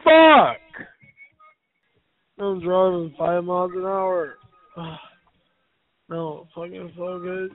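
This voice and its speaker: A drunk man calling in, whining and cursing loudly about being wronged. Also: sits high, level tone, takes it slowly, pauses often. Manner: slurred, self-pitying, cursing and shouting. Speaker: caller. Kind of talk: angry phone rant. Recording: tinny phone line.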